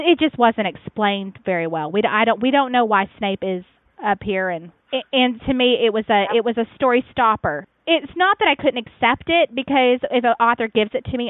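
A woman's voice: medium pitch, dry recording. A woman chatting casually as a podcast co-host reviewing fan fiction, rambling with frequent fillers and restarts. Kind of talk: casual chat. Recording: tinny phone-like line, dry.

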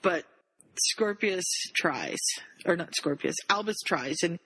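A woman's voice: lowish voice, slow, husky, poor audio. A woman on a group call, casually retelling and reading a fan story to friends. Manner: retells the story in lively summaries.

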